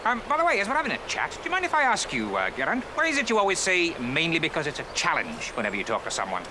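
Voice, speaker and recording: A man's voice: high-pitched, wildly swooping pitch, racing, noisy background. A man giving a comic mock news report as a field reporter, with a dry, sly delivery. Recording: over background music.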